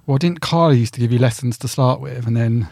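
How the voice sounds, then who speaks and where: A man's voice: medium pitch, a little fast, creaky, a little mellow, no room sound. A young man guesting on a podcast, chatting in a teasing, bawdy, curious way. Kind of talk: casual chat.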